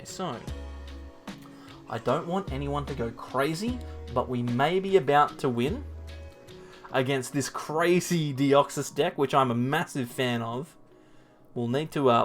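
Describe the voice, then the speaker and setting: A man hosting his channel, giving chatty, self-mocking live commentary on a card game match and talking to his opponent. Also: a little high. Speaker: channel host.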